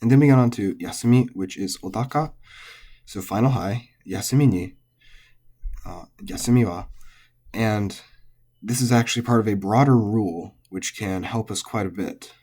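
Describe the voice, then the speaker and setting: A man explaining Japanese pitch accent in a patient, methodical lesson, with frequent fillers. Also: moderate pace, a little mellow, breathy edge. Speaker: language teacher.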